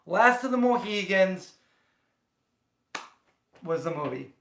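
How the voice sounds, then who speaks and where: A man's voice: sits high, animated, slow pace, gravelly, fairly bright tone, echoey room. A man hosting a casual livestream from his home kitchen, rambling and chatting directly with viewers. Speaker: livestream host. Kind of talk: casual chat.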